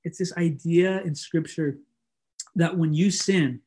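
Man, preacher, fairly high voice, casual sermon, lots of fillers, acts out dialogue. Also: steady tone, slow pace, darkish tone, breathy edge. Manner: acts out quoted dialogue with pitch jumps.

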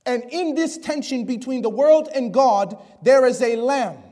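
A man with an extremely high voice preaches a sermon a little slowly, reading scripture aloud and putting questions to the congregation. He often drops to a hushed, near-whisper for emphasis.

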